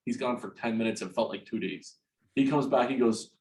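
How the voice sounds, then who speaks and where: A man in his forties from New Jersey, a guest in an interview, telling a personal story frankly and haltingly, restarting and repeating words and swearing freely. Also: medium pitch, a little mellow, rough recording. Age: 40s.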